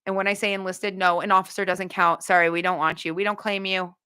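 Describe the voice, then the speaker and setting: A woman hosting a casual livestream, chatting bluntly with viewers, with quick asides and no filter. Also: fairly low pitch, little pitch movement, pushed and bright, clear, resonant tone. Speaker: livestream host.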